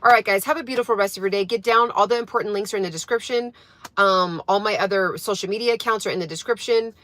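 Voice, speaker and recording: A woman's voice: medium pitch, quick pace, a bit bright, dry recording. A young woman, a fitness coach, chatting casually and motivationally on a livestream while she drives, with many fillers and restarts. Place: in a car.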